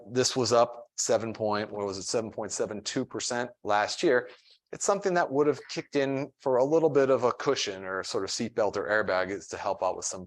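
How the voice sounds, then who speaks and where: Man explaining fund statistics at a seminar. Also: fairly low pitch. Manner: explanatory, plain-spoken, with fillers. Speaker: financial advisor presenting a fund. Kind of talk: seminar presentation.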